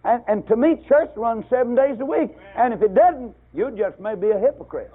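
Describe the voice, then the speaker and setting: Husky older preacher on tinny radio. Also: male voice, animated, normal speed. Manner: rising to loud emphatic bursts, then dropping low. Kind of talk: fiery sermon.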